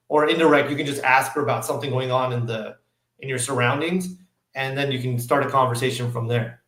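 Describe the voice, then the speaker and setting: A middle-aged man in casual podcast chat, telling lively stories and acting out the dialogue. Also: medium pitch, brisk, echoey room, rough recording. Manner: animated storyteller, acts out dialogue.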